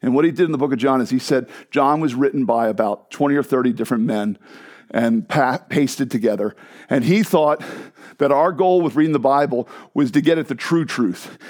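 Pastor guy preaching in church, kinda high voice, chatty, animated, jokes with the crowd. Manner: animated, conversational, with asides to the congregation. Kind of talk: sermon. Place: church sanctuary.

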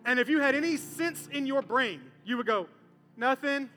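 A male pastor with a strikingly high, bright voice preaches from the stage, swinging between joking asides and hushed earnest points. His sermon rolls out into a large hall with a long tail of reverb, and soft music plays underneath. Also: moderate pace. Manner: animated, conversational and comic, acting out voices. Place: church stage.

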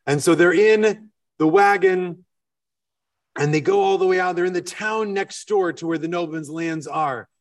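A male rabbi tells a story in his sermon, lively and full of small fillers. His voice is fairly high. The mic picks him up from some distance. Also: moderate pace. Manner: animated, with fillers.

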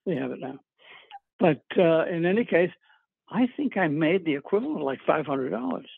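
This older man from New England, appearing as a guest actor in a casual interview, has a somewhat husky, fairly high, sing-song voice at normal speed. He tells long, rambling anecdotes sprinkled with uhs, chuckles and small laughs. The audio is thin, tinny and very dry, like a telephone line.

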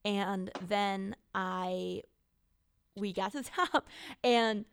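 Woman in her twenties, podcast co-host, smooth clear voice, dry close sound, chatty storyteller. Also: mid-range voice, fairly even intonation, drawn-out words, no echo. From Wisconsin. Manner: chatty storytelling with many fillers. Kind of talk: casual podcast chat. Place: small home studio. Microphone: good studio mic.

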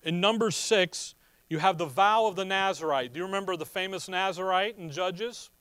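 A man preaching a sermon, reading scripture and explaining it in a folksy, animated way. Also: high-pitched, normal speed, clean tone, dry recording.

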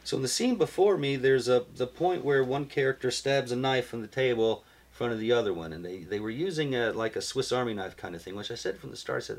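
A man casually telling a story on a podcast, animated and swearing, acting out what he said. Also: mid-range voice, fast talker. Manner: animated, profane, acts out his own lines.

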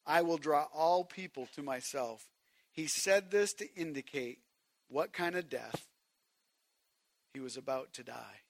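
A man preaching a sermon to a congregation, swinging from hushed, quiet passages to shouted emphasis and speaking directly to his listeners. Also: mid-range voice, vocal fry, no echo. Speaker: pastor.

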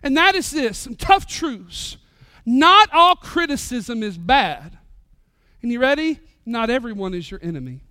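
A middle-aged male pastor, preaching a sermon with animated, joking stories. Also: extremely high pitch, a little slow, clear, resonant tone, dry recording, clean studio sound.

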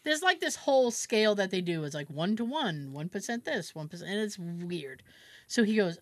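A woman's voice: mid-range voice, sing-song, moderate pace, no echo. A woman hosting a podcast, telling a story in casual chat, acting out quotes, laughing often and swearing freely. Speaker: podcast host.

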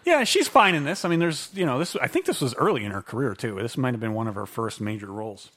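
A man co-hosting a casual movie discussion, enthusiastic and quick to laugh. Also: mid-range voice, sing-song, fairly bright tone. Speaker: podcast co-host. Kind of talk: casual movie commentary chat.

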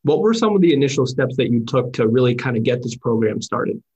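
A man hosting an interview, telling anecdotes in a chatty, animated way. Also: medium pitch, fast talker, breathy edge, highs cut off. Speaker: podcast host and former sports reporter. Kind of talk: casual interview chat with storytelling.

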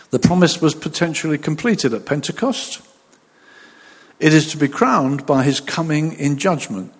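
A man preaching a sermon as a pastor, lively and animated, who acts out the voices of the people he talks about. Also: mid-range voice, gravelly, breathy edge, big-room sound.

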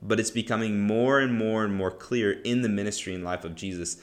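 A man with a low voice walks through a Bible story in easy conversational teaching. He pauses on fillers and keeps asking "right?" as he explains. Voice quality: relaxed, conversational, lots of "right?" and "um". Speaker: podcast host teaching the Bible. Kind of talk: casual teaching talk.

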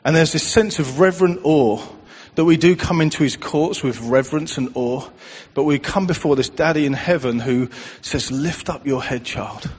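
A man delivers a heartfelt sermon in a slightly high, husky voice, lingering tenderly on repeated phrases. His words ring out with a long reverb through a church hall. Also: normal speed, few pauses, darkish tone. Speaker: preacher. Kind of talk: emotional sermon.

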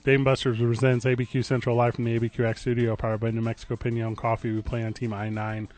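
A man's voice: mid-range voice, monotone, a little mellow. A man hosting a morning sports radio show, bantering and teasing his co-host. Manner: playful, jokey, quick to tease. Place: radio studio. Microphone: studio microphone.

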